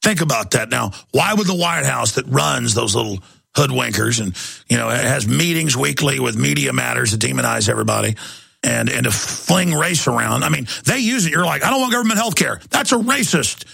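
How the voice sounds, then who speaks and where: A man's voice: mid-range voice, animated, moderate pace, gravelly, bright, forceful tone, slightly rough, dry recording, clean studio sound. A man hosting a talk radio show, ranting sarcastically and acting out little exchanges. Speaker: radio host.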